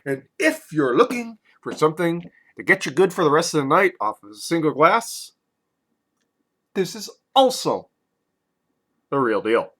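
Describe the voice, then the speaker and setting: A man's voice: a little high, big pitch swings, unhurried, pauses often. Drunk man rambling through a review. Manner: loose, rambling, swinging loud and soft. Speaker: liquor reviewer. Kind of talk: casual review vlog.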